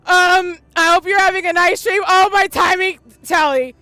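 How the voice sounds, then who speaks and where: A high-voiced woman streamer talks through tears, her tone bright and sharp. She gushes and sounds overwhelmed, veering from loud wails to quiet mumbles close to her desk mic. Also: moderate pace, few pauses, no room sound. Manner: gushing and overwhelmed, swinging between wailing and mumbling. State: crying. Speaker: game streamer. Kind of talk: live gameplay reaction. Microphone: desk microphone.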